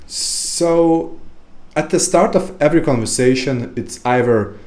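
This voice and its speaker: A man's voice: medium pitch, a little mellow. A man hosting a podcast in a casual monologue, sarcastic and rambling with many fillers. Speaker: podcast host.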